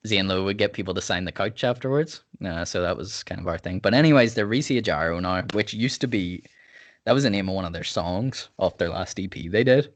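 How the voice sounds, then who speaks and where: Low-voiced laid-back podcast host. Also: male voice, lively intonation, a little fast. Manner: rambling, laid-back, many fillers. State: sipping whiskey. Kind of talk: casual chat.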